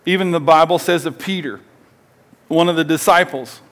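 A man in his forties delivers a sermon in a conversational, animated way, his voice sitting a little high. He talks to the congregation like friends and has them repeat phrases back to him. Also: normal speed. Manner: animated, conversational preaching with call-and-response. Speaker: pastor.

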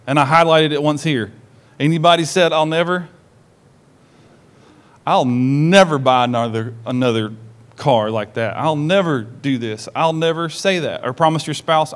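A man preaching a sermon to a congregation in a church service. He is an animated storyteller who acts out the lines he quotes and asks the congregation direct questions. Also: mid-range voice, normal speed. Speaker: pastor.

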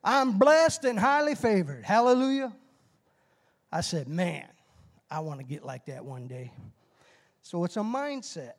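High-voiced guy preaching a quick sermon, folksy, gets fired up and hollers woo. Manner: excitable, bursts into shouted whoops; folksy, self-deprecating about his nerves. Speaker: lay preacher. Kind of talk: short timed sermon with call-and-response.

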